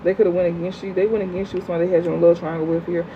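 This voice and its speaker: A tarot reader with a mid-range voice and level tone gives a livestream reading, speaking bluntly in quick, slangy, foul-mouthed bursts and replying to chat. The sound is thin and phone-like, with a faint underlying hum.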